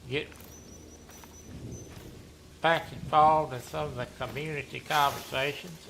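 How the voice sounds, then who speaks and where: A man, chatting casually while playing a hunting game, rambling and often clearing his throat. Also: fairly high pitch, fairly even intonation, a little slow, background noise. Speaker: gaming streamer running a members' community.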